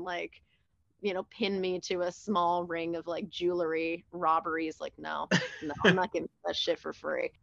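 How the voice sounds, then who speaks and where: A woman's voice: on the low side, little pitch movement, normal speed, gravelly, no room sound, muffled recording. A woman guest in casual podcast chat, joking bluntly and swearing freely.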